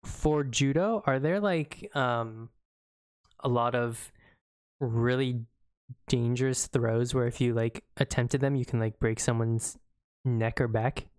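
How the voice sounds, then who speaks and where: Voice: medium pitch, slow, clean tone, no echo. A podcast co-host with a mid-range voice, recorded dry and close. They ask curious questions in a casual, hesitant way, often laughing along. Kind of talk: casual chat.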